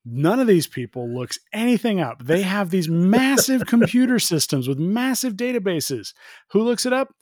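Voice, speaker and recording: A man co-hosting a casual podcast chat about a film, jokey and animated, acting out bits in a high voice. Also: normal speed, no echo, studio quality. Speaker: podcast co-host.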